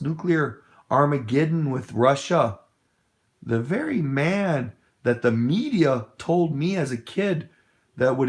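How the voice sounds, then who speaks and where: Fairly high-pitched and a little mellow, this middle-aged man from the United States is a political speaker delivering an impassioned talk. He tells a long story, rambling, hesitant and emphatic.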